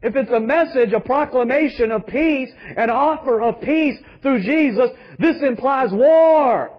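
High-voiced preaching man, lo-fi. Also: unhurried. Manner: emphatic preaching with rhetorical questions. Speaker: pastor. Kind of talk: sermon.

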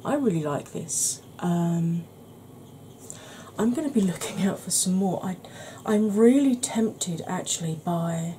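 A woman talking softly in a casual ASMR makeup video, drifting into whispers. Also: lowish voice, takes it slowly, a little hiss or hum. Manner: chatty, softly spoken with whispered stretches. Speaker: beauty YouTuber. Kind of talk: soft-spoken ASMR makeup chat.

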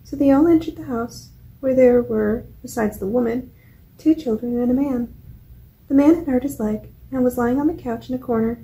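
A woman reading a children's book aloud at a library storytime, with a steady, clear delivery. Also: a little high, normal speed, low-quality recording. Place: public library.

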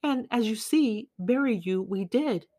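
A woman's voice: fairly high pitch, expressive, measured pace, warm tone, voice pushed up. A woman reading the part of a blunt, scolding townswoman in an audiobook.

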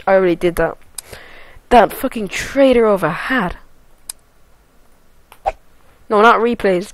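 A woman giving gameplay commentary, excitable and foul-mouthed, with loud sudden yelps and shouts between muttered remarks. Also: on the high side, moderate pace, no echo, rough recording. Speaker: let's play gamer.

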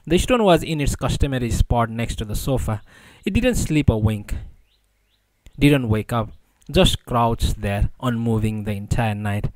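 A man reads an audiobook aloud at a middle pitch, with measured, even storytelling. The recording is dry and close, with no room sound. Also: no echo, low-quality recording. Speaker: audiobook narrator. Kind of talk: audiobook narration.

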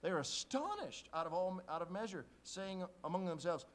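Lively male pastor preaching. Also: high voice, normal speed, low-quality recording. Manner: lively storytelling, acting out quoted voices; reads scripture aloud in old-style wording. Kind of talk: sermon. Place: church conference hall.

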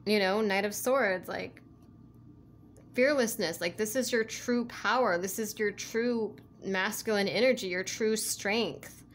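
With a medium-pitched, unhurried voice, a woman gives a casual spiritual tarot reading over slight background noise. She rambles, fills her speech with "like" and "you know," and laughs easily.

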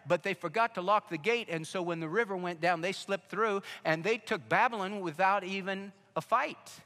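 Preaching in a church sanctuary with lots of echo, this pastor speaks in a high, pushed, bright voice. He tells stories, addresses the congregation directly, and urges them with emphatic warnings.

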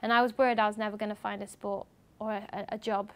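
A young woman from England giving a lively talk to students at a university as a guest speaker, acting out what other people said as she tells her stories. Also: mid-range voice, quick pace. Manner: animated storytelling, acting out others' lines. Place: university lecture room.

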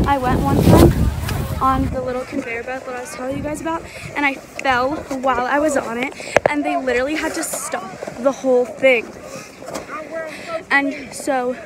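A young woman talking to camera in a casual travel vlog, chatty and excitable, with lots of "um" and "like". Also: sits high, heavy background noise. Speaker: vlogger.

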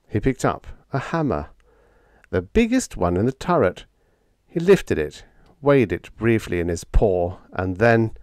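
A man reading a humorous story aloud, with a lively, playful first-person telling. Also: low voice, a little slow, no room sound, clean studio sound. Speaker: audiobook narrator.

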